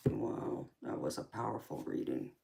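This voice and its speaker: A woman reading tarot on a live stream, chatting casually with viewers and calling them sweetheart and honey, murmuring quietly as she tidies her cards. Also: extremely low pitch, expressive, moderate pace, vocal fry.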